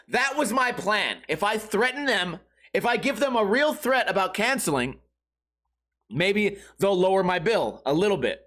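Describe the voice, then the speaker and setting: Brief: male comedy podcast host, lively swooping pitch, profane ranting delivery. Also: normal speed. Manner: animated, profane storytelling with shouted outbursts. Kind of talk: comedic rant.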